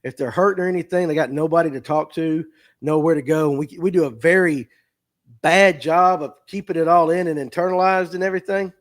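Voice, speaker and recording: A Southern US tackle shop owner, middle-aged, talks from the heart on a livestream, his streaming mic catching how he repeats himself and nearly cries. He speaks a little fast, with a slightly high voice and fairly even intonation, earnest and casual throughout.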